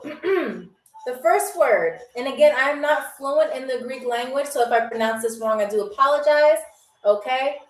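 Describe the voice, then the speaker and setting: Female game show host for a live stream, high voice, chatty, recorded a little far off the mic in an echoey room. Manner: chatty, greets viewers by name. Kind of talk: live-stream trivia hosting. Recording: roomy echo, distant mic, faint music. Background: faint music from a DJ.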